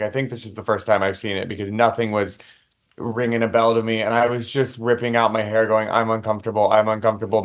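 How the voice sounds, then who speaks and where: A man on a podcast ranting in exasperation about a film, swearing as he talks. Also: medium pitch. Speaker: podcast co-host. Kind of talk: casual chat about a film.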